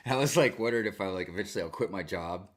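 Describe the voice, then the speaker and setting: A man ranting in a casual stream monologue, swearing a lot and telling work stories with animated, heated delivery. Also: sits low, normal speed. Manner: profane, animated storytelling with frequent swearing and fillers.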